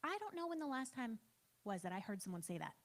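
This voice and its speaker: A woman's voice: a little high, very animated, fast. A woman in her thirties giving a casual church training talk, chatty and self-deprecating, with lots of "like" and "um". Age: 30s.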